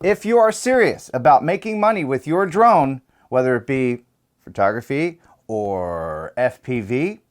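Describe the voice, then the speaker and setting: A man's voice: mid-range voice, animated, unhurried. A man hosting the show, reading a sponsor ad with an upbeat, playful sales delivery. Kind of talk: ad read.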